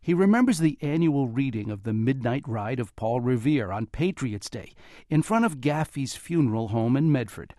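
Male radio host for a talk show, lively and crisp, mid-pitched, dry close studio sound. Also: normal speed, dry recording. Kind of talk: radio talk show hosting and scripted narration.

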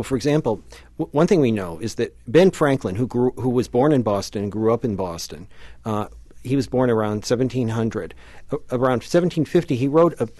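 A man, a linguistics professor, explaining a point in a radio interview in a measured way. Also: mid-range voice, a little mellow, dry recording.

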